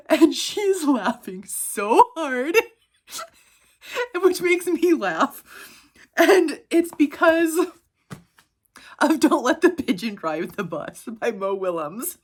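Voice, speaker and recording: A woman's voice: high-pitched, husky. A woman in her thirties chatting casually about her favorite picture books, bubbly and laughing often between sentences. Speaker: picture book reviewer. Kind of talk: casual book recommendations.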